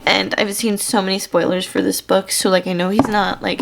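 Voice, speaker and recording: Young woman, casual book chat, filler-heavy, fry in the voice. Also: medium pitch, fairly even intonation, moderate pace, few pauses, a little hiss or hum. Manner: chatty, filler-heavy, gushing. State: tearful at times. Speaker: book vlogger. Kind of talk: casual reading vlog chat.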